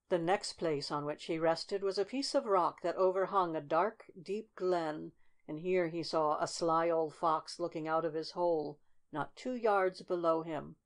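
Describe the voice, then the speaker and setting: A woman narrating a fairy tale audiobook in a steady, measured storytelling manner. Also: lowish voice.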